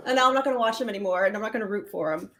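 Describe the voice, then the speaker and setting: A woman's voice: medium pitch, racing, fairly bright tone. A woman co-hosting a casual livestream chat from home, talkative and teasing, often breaking into laughter. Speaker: co-host.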